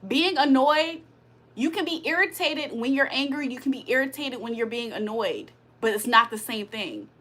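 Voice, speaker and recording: A woman's voice: high-pitched, lively intonation, moderate pace, fairly bright tone. A woman hosting a livestream of spiritual card readings, talking bluntly with heavy profanity, venting her irritation between readings. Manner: blunt, profane, annoyed venting with frequent laughs. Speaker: spiritual reader and livestream host. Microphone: streaming setup.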